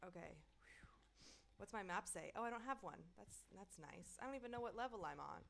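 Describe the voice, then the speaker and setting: A woman's voice: medium pitch, lively intonation, fairly quick, gravelly, a bit bright, a little hiss or hum. A young woman streaming a horror game, chatting with viewers and breaking into screams and nervous laughter. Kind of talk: casual gameplay commentary.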